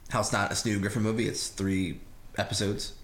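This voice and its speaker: A man's voice: on the low side, little pitch movement, a little fast, fairly bright tone, reverberant. A man co-hosting a casual late-night podcast, joking crudely and often breaking into laughter. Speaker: podcast co-host.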